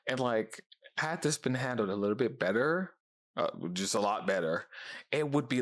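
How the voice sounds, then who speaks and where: A man talking casually as he reacts on camera. His voice sits at an ordinary pitch. He chats loosely and laughs often, and he slips into quick mock voices for the characters. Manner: animated, laughing, mimics characters in quick asides. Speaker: reaction video host.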